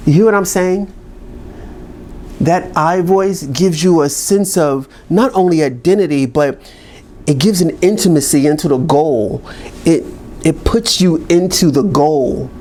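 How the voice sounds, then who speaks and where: A man's voice: fairly high pitch, a little slow, darkish tone, a little hiss or hum. A man giving a motivational talk to camera, emphatic and repetitive in a pep-talk manner. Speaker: motivational speaker.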